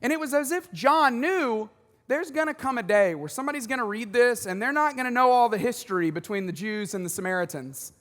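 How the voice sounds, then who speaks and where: A man preaching a sermon as pastor, conversational and animated, with joking asides. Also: very high-pitched, a little fast, long reverb tail. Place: large church auditorium.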